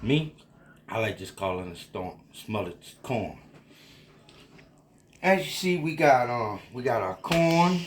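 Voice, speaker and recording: A man's voice: medium pitch, echoey room, slight background noise. A tipsy man with a Louisiana Cajun accent, cooking and rambling in a folksy, drawling way for a casual cooking vlog. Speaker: home cook.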